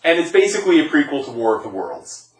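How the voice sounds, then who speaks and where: A man's voice: fairly high pitch, very animated, quick pace. A man co-hosting a casual podcast, talking enthusiastically and rambling a little. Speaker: podcast co-host. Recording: roomy echo.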